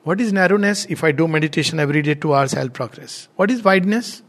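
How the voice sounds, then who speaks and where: Spiritual teacher: man, voice on the higher side, earnest, teaching through anecdotes. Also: fast, fairly bright tone. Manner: earnest, with laughs and spoken lists of virtues.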